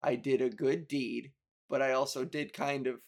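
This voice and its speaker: A man's voice: medium pitch, fairly even intonation, moderate pace, vocal fry, darkish tone. Rambling, profane male podcast host. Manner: rambling, profane, self-mocking storytelling with bursts of exasperation. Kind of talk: casual podcast monologue.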